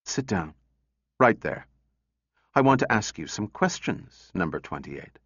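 A man's voice: lowish voice, sing-song, unhurried, a bit bright, breathy edge, no room sound, muffled recording, heavily acted. A man reading a story, voicing a stern woman psychologist who asks clipped, probing questions while holding back anger.

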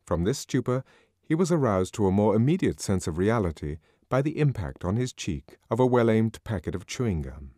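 A man narrating an audiobook with a dramatic, expressive reading. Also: lowish voice, brisk, no echo, clean studio sound.

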